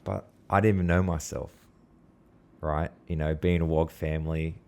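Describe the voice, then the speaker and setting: A young man hosting a podcast, chatting in a relaxed way and hedging his words with a lot of "like". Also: a bass voice, normal speed, vocal fry. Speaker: podcast host. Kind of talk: casual chat.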